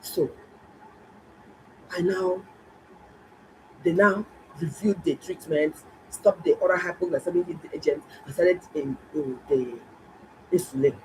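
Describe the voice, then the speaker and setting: A middle-aged woman, a doctor, telling viewers a story in a casual, animated and exclaiming way. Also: lowish voice, slow, long pauses, a little hiss or hum, low-quality recording. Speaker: doctor and health vlogger.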